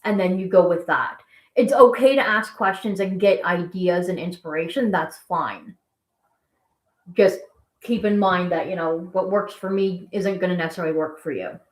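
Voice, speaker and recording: A Canadian woman with a fairly low voice hosts a guinea pig channel, chatting casually on a live stream at a moderate pace. She rambles as she answers viewer questions, and the room sounds echoey.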